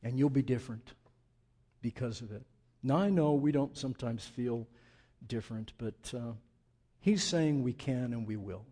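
A man's voice: mid-range voice, moderate pace, long pauses, dark tone, husky. An older man, a pastor, preaching a sermon in an emphatic, conversational way with casual asides.

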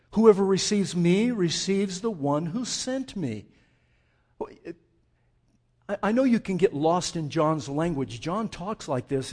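A male pastor preaching a sermon in a conversational, animated way, asking his listeners rhetorical questions and often restarting his sentences. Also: a little high, husky.

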